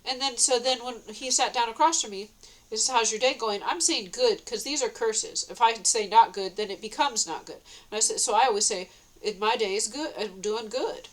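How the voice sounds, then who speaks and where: A woman with a fairly high voice tells a long, wandering story straight to camera. She giggles between phrases, backtracks and restarts, and lifts into a sweet, bright high tone whenever she quotes herself. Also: moderate pace, low-quality recording. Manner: meandering, with many restarts and self-corrections. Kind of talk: rambling personal storytelling vlog.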